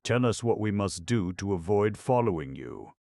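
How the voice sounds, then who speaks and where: A man's voice: on the low side, sing-song, moderate pace, gravelly, darkish tone, no room sound, studio quality, pitched above the performer's own voice. A man voicing an earnest young man who pleads urgently. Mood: pleading. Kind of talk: audiobook reading.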